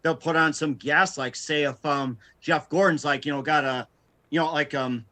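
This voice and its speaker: A man's voice: on the high side, fairly even intonation, moderate pace, pushed and bright. A man, a radio talk show guest, telling stories in casual chat and laughing often.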